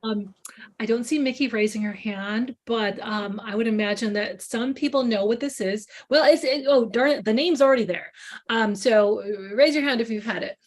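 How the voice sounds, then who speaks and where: A woman with a Chicago accent talks through a book presentation in a chatty, storytelling way. Her voice sits a little high, and she slips into the voices of people she quotes. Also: moderate pace. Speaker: culinary journalist, author. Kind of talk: library book talk over video call.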